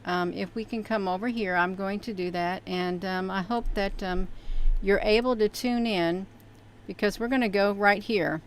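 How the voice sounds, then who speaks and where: A woman's voice: mid-range voice, normal speed, a little hiss or hum. A woman hosting a casual livestream, talking in a rambling, chatty way with many fillers and calling her viewers "you all". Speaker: livestream host. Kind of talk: casual live-stream talk.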